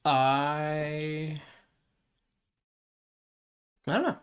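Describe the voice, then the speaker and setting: A man's voice: a little high, very slow, clean tone. A man in his twenties co-hosting a podcast, thinking aloud in a hesitant way. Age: 20s. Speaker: podcast co-host. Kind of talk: casual brainstorming chat.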